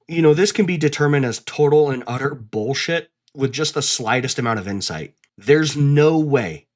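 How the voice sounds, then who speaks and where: A man's voice: mid-range voice, animated, normal speed, hardly any pauses. A man hosting a casual commentary video essay, talking bluntly and swearing freely.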